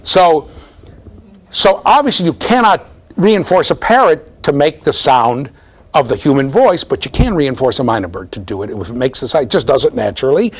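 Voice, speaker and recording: A middle-aged man giving a university lecture, animated and storytelling, often checking in with the class. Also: mid-range voice, normal speed, slightly rough. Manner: animated storytelling, mimics voices, asks the class "right?". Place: lecture hall.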